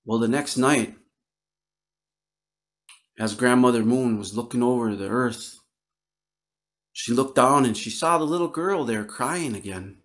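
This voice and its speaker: A man from Northern Wisconsin telling a traditional story aloud, slow and gentle, with repetitions and pauses. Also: medium pitch. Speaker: Ojibwe storyteller. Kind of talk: oral storytelling. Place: online virtual event.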